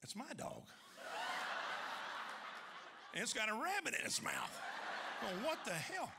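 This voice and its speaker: A man telling a funny hunting story on stage before a large audience, folksy and animated, loud in the quoted lines. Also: very high voice, normal speed, vocal fry, heavy background noise. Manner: folksy, animated, shouting punchlines in quoted voices. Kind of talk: live comic storytelling.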